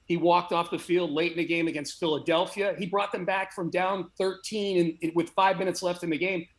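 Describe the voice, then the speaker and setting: A man's voice: high-pitched, fairly even intonation, a little fast. A man in a casual sports debate, arguing emphatically and restarting his sentences often. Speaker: guest sports radio host.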